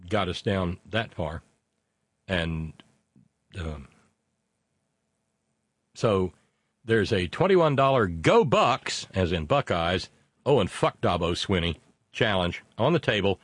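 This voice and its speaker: A man's voice: lowish voice, husky, no room sound. A man hosting a casual political talk show, reading out listener messages in a rambling, sardonic way with many fillers.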